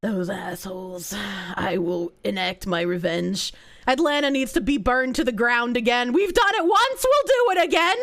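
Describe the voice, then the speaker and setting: A woman with a New Jersey accent streaming live, reacting to chat in a loud, crude, animated way and breaking into shrieking laughter. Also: on the high side, a little slow.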